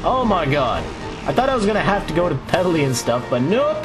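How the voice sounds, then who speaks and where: A man casually commenting on his own video game play, chatty and excitable, laughing often. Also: fairly high pitch, brisk. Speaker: Let's Play host. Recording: game music playing underneath. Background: video game music.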